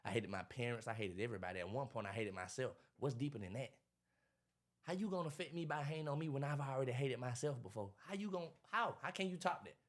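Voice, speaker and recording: A man, talking in a casual interview about his life, animated and preachy, acting out what others say. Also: medium pitch, fast talker. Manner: animated, preachy storytelling with acted-out quotes. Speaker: podcast guest, motivational speaker.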